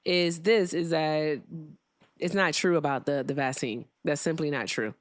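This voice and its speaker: A woman's voice: low-pitched, measured pace, no room sound, clean studio sound. A woman hosting a live call-in debate stream, blunt, sarcastic and crude. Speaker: host.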